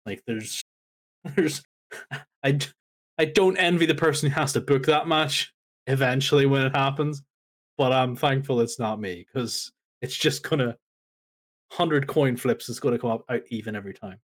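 A man's voice: medium pitch, moderate pace. A man co-hosting a wrestling podcast, ranting in an exasperated, emphatic way in casual chat. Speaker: podcast co-host.

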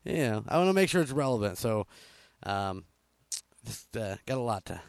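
A man's voice: on the low side, big pitch swings, moderate pace, vocal fry, no room sound. A man hosting a casual radio show from a studio, rambling with lots of fillers and chuckles. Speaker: radio host.

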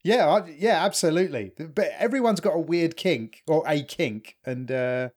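A man's voice: a little high, moderate pace, darkish tone. Rambling man telling stories. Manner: rambling anecdotal storyteller, restarts and laughs. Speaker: podcast co-host. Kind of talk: casual chat.

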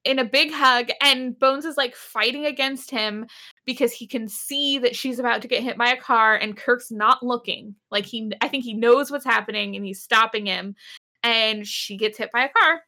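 Young woman co-host, high and bright, animated storyteller who acts out the characters. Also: moderate pace. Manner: animated retelling, acts out characters, laughs often. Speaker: podcast co-host recapping an episode. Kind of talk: casual chat.

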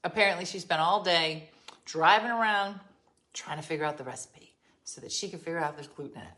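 A woman's voice: low-pitched, brisk, a bit bright. A woman hosting a casual livestream from her home, chatting with viewers and telling exasperated stories. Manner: chatty, storytelling, exasperated asides. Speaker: livestream host. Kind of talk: casual live chat with viewers. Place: her home, being renovated. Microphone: phone.

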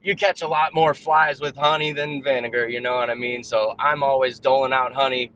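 Rambling bright-voiced man ranting. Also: medium pitch, fairly quick, highs cut off, slight background noise. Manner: rambling, animated, many fillers and restarts; puts on mocking voices when quoting. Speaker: guest on a live stream. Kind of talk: casual chat, ranting. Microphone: own mic on a remote call.

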